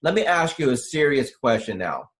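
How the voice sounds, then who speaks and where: Male interviewer and coach, mid-pitched voice, asks pointed, leading questions. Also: very animated, moderate pace, fairly bright tone. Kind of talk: sales testimonial interview.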